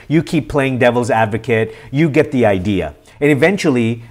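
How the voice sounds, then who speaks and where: Earnest, animated, and encouraging, a middle-aged man hosts a question session over live stream. His voice sits at medium pitch.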